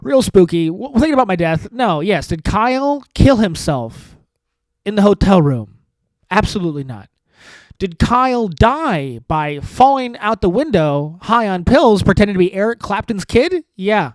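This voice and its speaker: A male comedy podcast host rambles alone through dark, self-mocking jokes, his pitch swinging up and down with lively expression. He drops sarcastic asides in a loose monologue. The sound is dry and close, with no room echo. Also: normal speed.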